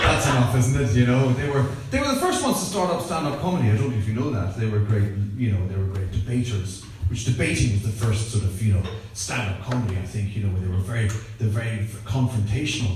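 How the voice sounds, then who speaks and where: A man doing a stand-up routine, joking and mocking himself. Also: medium pitch. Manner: lively, joking, self-mocking. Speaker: stand-up comedian. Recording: echoey live room, distant mic, noisy.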